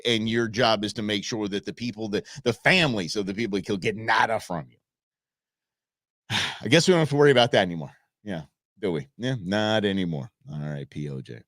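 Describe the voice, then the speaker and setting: A man's voice: medium pitch, fairly bright tone, no room sound, clean studio sound. A man hosting a live show, telling rambling stories and answering chat with frequent restarts and asides. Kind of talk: casual rambling live-stream commentary.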